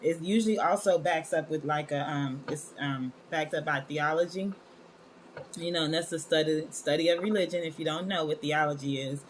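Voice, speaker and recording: Woman host, lowish voice, loose chatty live-stream delivery, faint room noise behind. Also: normal speed. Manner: chatty, scattered, addresses viewers as y'all. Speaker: wellness show host. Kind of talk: casual live-stream talk.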